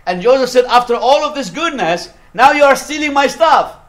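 A man's voice: very high-pitched, lively intonation, moderate pace, a bit bright. A man preaching a sermon, retelling a story animatedly and acting out its quotes.

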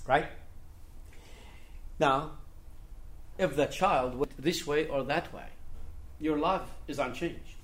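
A somewhat high-voiced man delivers a sermon in a roomy, echoing space. He moves from soft, low asides to loud, driving emphasis, hammering his points by repeating them. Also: takes it slowly, long pauses, slight background noise. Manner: swings between quiet and forceful emphasis; repeats key phrases for stress. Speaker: preacher.

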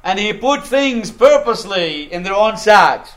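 A man with a fairly high voice delivers a sermon. He retells the story with animation, sometimes laughing and acting out the lines of its characters. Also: expressive, a little slow, a bit bright. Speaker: preacher.

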